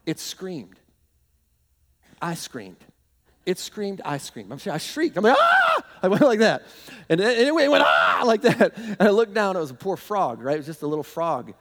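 A man preaching a sermon as pastor, telling animated stories with bursts of shouting and laughter. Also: sits high, normal speed, pauses often. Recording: long hall reverb.

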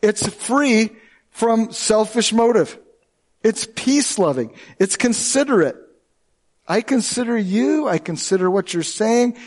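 High-voiced male preacher. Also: expressive, unhurried, darkish tone. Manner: earnest and emphatic, with shifting pace. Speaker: pastor. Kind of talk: sermon.

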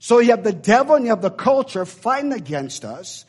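A man's voice: very high-pitched, sing-song, fairly quick, husky. A man preaching a sermon in an emphatic, repetitive, preacherly way.

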